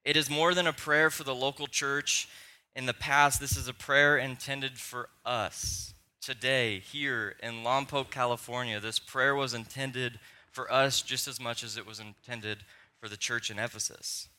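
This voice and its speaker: Bright-voiced young male pastor preaching. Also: medium pitch, fairly even intonation, measured pace. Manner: conversational preaching with personal anecdotes and humor. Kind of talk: sermon. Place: church sanctuary.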